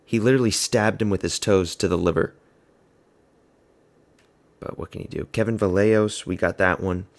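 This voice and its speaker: A man's voice: deep voice, fairly even intonation, normal speed, gravelly, long pauses. A man giving casual, rambling live reaction commentary at a fight watch party, blunt and offhand. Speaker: MMA fan host of a watch party stream.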